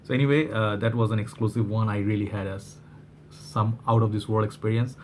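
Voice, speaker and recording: A man from Bangladesh talks through a fragrance review in a loose, rambling way, full of fillers and restarts. His voice sits on the low side and sounds a little worn. There is a faint hum of room ambience behind him. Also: fairly even intonation, a little fast, darkish tone. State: slightly worn voice. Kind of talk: casual product review vlog.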